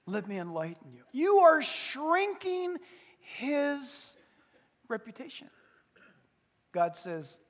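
A man preaching with a strikingly high voice that leaps all over the place. His delivery is playful and humorous, full of acted-out little scenes. The sound carries a long, hall-like reverb. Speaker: pastor. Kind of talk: sermon.

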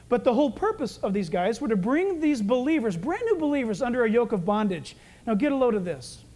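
A male pastor preaching a sermon, lively and conversational, acting out the voices of the people in his stories. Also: very high voice. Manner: animated preaching, acts out quoted voices.

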